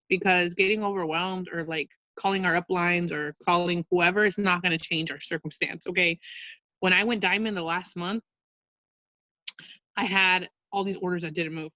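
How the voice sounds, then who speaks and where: A woman's voice: fairly low pitch, sharp tone, dry recording. A woman leading a casual training talk for her sales team, chatty and upbeat, full of fillers and "you guys", heard over a video call. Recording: dull lo-fi video call audio.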